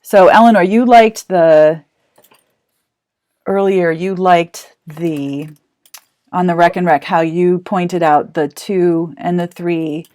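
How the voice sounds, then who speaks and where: A woman's voice: fairly low pitch, fairly even intonation, slow pace, a little mellow. A woman teacher explaining a hands-on math activity to parents, chatty and encouraging as she thinks aloud.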